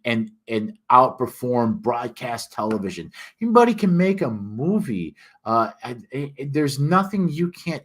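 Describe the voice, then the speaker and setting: An older man with a Northern US accent, talking emphatically in a casual ranting monologue as an author hosting a livestream. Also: medium pitch. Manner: emphatic, ranting, frequent restarts and fillers.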